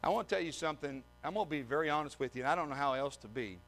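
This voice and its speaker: Male preacher with a high, bright voice; emphatic delivery with dry humor. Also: expressive, rapid-fire, vocal fry, soft background music. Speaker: visiting preacher. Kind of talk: sermon with scripture reading.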